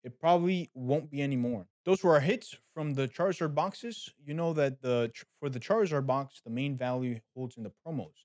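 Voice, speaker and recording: Speaking a little fast with few pauses, a man with a mid-range voice hosts a card pack opening for his channel. He's casual, animated, and chatty, addressing viewers as guys, and the recording is clean studio sound without echo.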